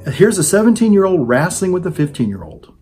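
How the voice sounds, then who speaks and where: A man's voice: sits high, big pitch swings, a little fast, warm tone, faint music behind. A man giving a rambling, sarcastic opinion monologue on his own channel, full of "you know" fillers. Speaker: video blogger.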